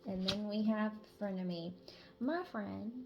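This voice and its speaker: A woman's voice: mid-range voice, measured pace, highs cut off. A woman reading tarot messages in a casual, chatty way, swearing freely and sometimes dropping to a whisper. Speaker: tarot reader.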